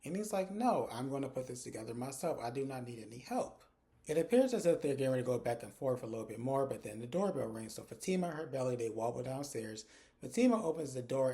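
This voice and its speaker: A chatty man retelling a TV episode scene by scene, slipping into the characters' lines as he goes. His voice sits at a middle pitch with a mellow, warm tone. He talks directly to his viewers in a relaxed, casual way. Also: quick pace. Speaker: TV recap reviewer.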